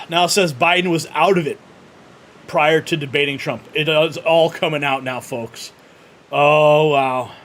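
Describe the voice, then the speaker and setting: A man hosting an online news commentary show, reacting to clips in an animated way. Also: on the high side, measured pace, slight background noise. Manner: animated, laughs loudly at clips.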